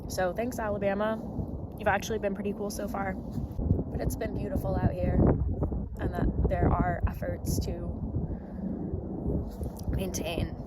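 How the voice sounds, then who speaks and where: A woman talks slowly and quietly for her travel vlog, keeping her pitch very even. Loud background noise nearly buries her voice. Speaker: travel vlogger. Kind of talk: casual vlog narration.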